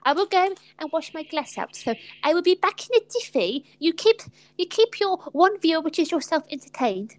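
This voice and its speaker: A woman hosting a casual live stream from home, chatty and giggly and quick to poke fun at herself. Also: extremely high pitch, big pitch swings. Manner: chatty, giggly, self-mocking. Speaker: host.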